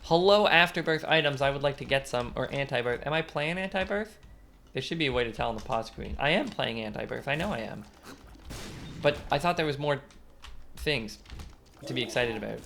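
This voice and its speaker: A man's voice: mid-range voice, brisk, vocal fry, long pauses, slight background noise. Rambling young man telling a story. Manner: rambling, animated storytelling with sudden outbursts at the game. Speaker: gaming commentator. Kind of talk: casual let's-play storytelling.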